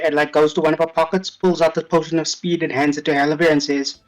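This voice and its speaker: A woman's voice: deep voice, fairly even intonation, brisk, faint music behind, rough recording. A woman player describing her character's actions in a tabletop game, casually and with many fillers.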